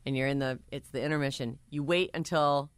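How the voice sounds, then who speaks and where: A woman co-hosting a casual radio talk show, animated and quick to laugh. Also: a bass voice, clean tone, no room sound, clean studio sound. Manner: animated, laughs often, playful. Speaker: radio co-host. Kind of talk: casual chat.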